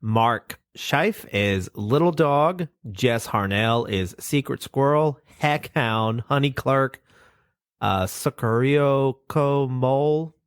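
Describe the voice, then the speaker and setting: A man's voice: medium pitch, slow pace, clear, resonant tone, no room sound, clean studio sound. A man with a nasal voice co-hosting a casual podcast, reading definitions and cast lists aloud and swearing casually. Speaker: podcast co-host.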